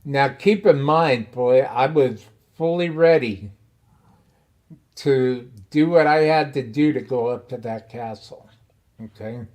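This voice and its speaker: Slow-talking man telling a story. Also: mid-range voice. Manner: animated, laughs often while telling a story. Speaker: podcast host. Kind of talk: casual storytelling.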